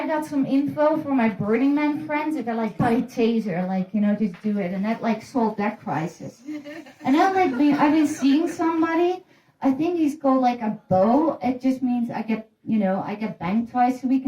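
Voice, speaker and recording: High-voiced woman rambling on stage. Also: darkish tone. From Netherlands. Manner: rambling, profane, self-deprecating. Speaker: stand-up comedian. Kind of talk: casual stand-up storytelling. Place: room in a private house. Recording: roomy echo.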